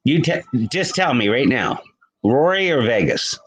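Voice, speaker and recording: A man's voice: mid-range voice, big pitch swings, a little slow, fairly bright tone, poor audio. Chatty man greeting his live-stream viewers. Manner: chatty, greets viewers by name, rambling with restarts. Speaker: livestream host. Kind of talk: casual live-stream chat reading comments.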